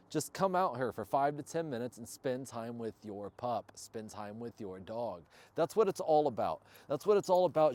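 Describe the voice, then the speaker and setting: A man who handles and trains his service dog, chatting upbeat to viewers of a casual training vlog outdoors and praising the dog loudly. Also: medium pitch. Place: outdoors, yard or field. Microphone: camera on a stand nearby.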